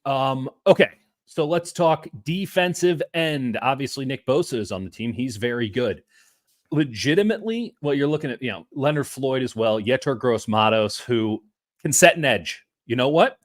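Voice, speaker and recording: A man co-hosting a casual sports podcast over a video call, talking in an animated way with playful asides. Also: medium pitch, moderate pace, no echo, studio quality. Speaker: co-host.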